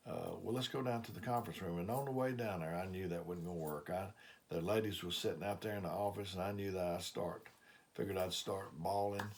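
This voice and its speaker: A man's voice: on the low side, vocal fry, a little mellow, a little hiss or hum. An older man with an Alabama accent, preaching a sermon as a plain, folksy testimony with frequent fillers. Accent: Southern US, Alabama.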